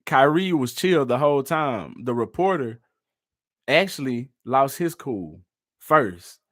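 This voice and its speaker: A man's voice: mid-range voice, lively intonation, slow, no room sound, studio quality. Laid-back man doing reaction commentary. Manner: laid-back, slangy and loose. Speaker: vlogger reacting to clips.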